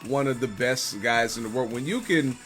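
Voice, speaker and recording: A man's voice: medium pitch, normal speed, fairly bright tone, soft background music. A man from Missouri co-hosting a podcast, explaining pro wrestling in a rambling, casual way, full of fillers. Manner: rambling explainer, lots of likes and ums. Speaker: podcast co-host.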